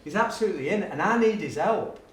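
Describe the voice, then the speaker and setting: A man tells classroom stories with animated energy, often laughing and slipping into his pupils' voices. His voice sits a bit high for a man. He is heard from a distance in an echoey room, with faint ambience behind him. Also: fast talker, slight background noise. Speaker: education speaker and guest. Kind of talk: lively anecdotal talk to an audience.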